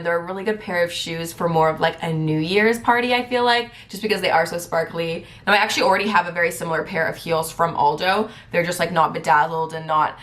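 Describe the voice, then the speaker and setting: A young woman presenting a casual gift guide vlog, talking fast in a giddy, excitable way. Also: fairly low pitch. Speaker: beauty vlogger.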